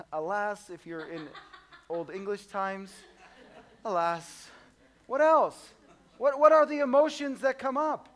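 A man preaching a sermon in a conversational, humorous way, swinging between soft low asides and loud high exclamations. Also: measured pace. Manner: conversational and humorous, acts out voices of the disciples. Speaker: pastor.

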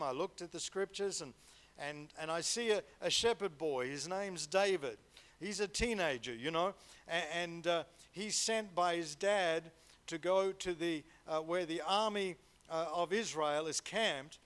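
A man's voice: sits high, a bit bright, clear, resonant tone. A man preaching a sermon in a conversational way, repeating words and checking in with 'right?'.

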